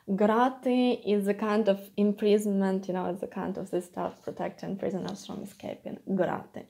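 A woman with a Ukrainian accent teaching a pronunciation lesson, repeating sounds slowly for practice. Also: mid-range voice, warm tone. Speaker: language teacher.

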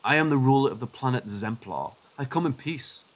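Brief: stiff, measured alien overlord, calm threat, read by a male narrator. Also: mid-range voice, lightly acted. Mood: solemn. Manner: formal, measured.

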